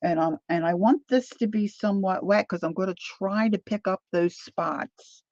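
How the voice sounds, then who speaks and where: Gravelly woman chatting while crafting. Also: medium pitch, moderate pace, darkish tone, no echo, muffled recording. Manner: chatty, thinks aloud while working. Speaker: craft vlogger. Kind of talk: casual demo chat while crafting.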